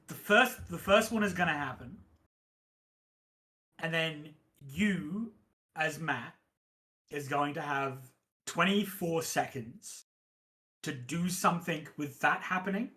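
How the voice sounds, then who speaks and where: A game master running a one-on-one tabletop game, talking hesitantly with many pauses and fillers. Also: mid-range voice, pushed and bright, poor audio. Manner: hesitant, many ums, counts aloud.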